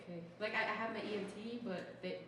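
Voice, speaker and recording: A woman's voice: mid-range voice, fairly even intonation, fast, background noise. Sarcastic young woman doing standup, says like nonstop, far off mic in a super echoey room. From Utah. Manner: chatty, sarcastic, says "like" constantly. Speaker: stand-up comedian. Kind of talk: stand-up comedy set. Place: small comedy show venue.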